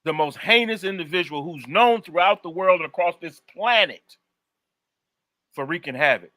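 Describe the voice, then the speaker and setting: Emphatic, bright-voiced male radio co-host. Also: sits high, lively intonation, moderate pace. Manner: preachy, emphatic. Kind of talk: call-in radio talk.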